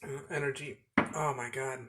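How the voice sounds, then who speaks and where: A man's voice: medium pitch, fairly even intonation, moderate pace, noisy background. A man filming a casual live stream on his phone while it rains, talking in a rambling, chatty way and often correcting himself. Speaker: vlogger. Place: outdoors under a balcony in rain.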